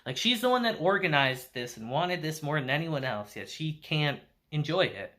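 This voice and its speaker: Chatty young male reviewer, bright tone, animated pitch, laughs and swears. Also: normal speed, hardly any pauses. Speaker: anime reviewer. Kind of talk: casual video review.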